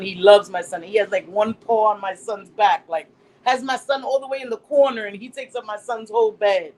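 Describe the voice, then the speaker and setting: A middle-aged woman hosting a casual live stream, reading chat comments aloud and telling stories in an animated way, laughing often. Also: medium pitch, slight background noise, rough recording. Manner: animated storytelling, laughs often, acts out quotes.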